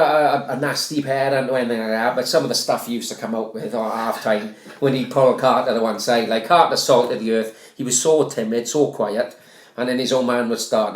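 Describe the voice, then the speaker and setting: A man's voice: mid-range voice, roomy sound, slight background noise. A Welsh man co-hosting a podcast, telling rambling stories in casual banter and swearing freely. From Wales. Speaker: podcast co-host.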